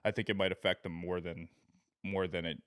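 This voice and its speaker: A young man co-hosting a podcast, chatting casually about basketball picks and getting excitable when he tells a story. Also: sits low, a little fast, clear, resonant tone, dry recording, clean studio sound. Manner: excitable, gets loud retelling stories. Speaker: podcast co-host. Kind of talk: casual sports chat.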